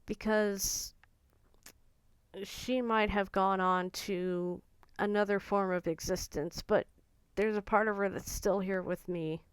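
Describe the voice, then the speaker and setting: Woman vlogging about her feelings, super smooth clear voice, gentle and earnest, dry close sound. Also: mid-range voice, steady tone, slow, no room sound. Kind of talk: personal reflective talk to camera.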